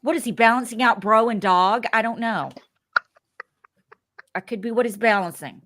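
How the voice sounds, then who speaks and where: A woman's voice: on the high side, moderate pace, fairly bright tone, a little hiss or hum. A woman co-hosting a casual reality TV recap podcast, talking animatedly, laughing often and acting out what people said. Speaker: podcast co-host.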